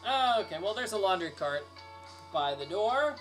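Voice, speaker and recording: A man's voice: high-pitched, big pitch swings, normal speed, a bit bright, soft background music. A man livestreaming a game he made, joking and commenting while he reads the characters' lines aloud. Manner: joking, playful, reads all the characters himself. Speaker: game developer streaming his own game.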